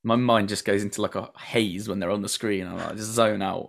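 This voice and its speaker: A man's voice: fairly low pitch, fairly even intonation, a little fast, vocal fry. A man hosting a podcast, recapping a TV episode in sweary, laughing casual chat. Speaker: podcast host.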